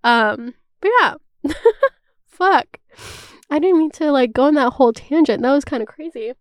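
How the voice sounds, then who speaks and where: A woman's voice: high voice, expressive, normal speed, no room sound. A woman in her twenties hosting a podcast, chatting candidly and emotionally, rambling with constant "like" fillers and casual swearing. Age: 20s. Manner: rambling, fills with "like", swears freely. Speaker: podcast host. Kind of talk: casual chat.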